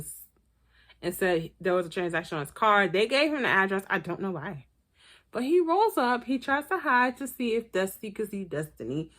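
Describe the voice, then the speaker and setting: A woman giving blunt, profane, animated commentary as she reviews a reality TV episode. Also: mid-range voice. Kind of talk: casual commentary vlog.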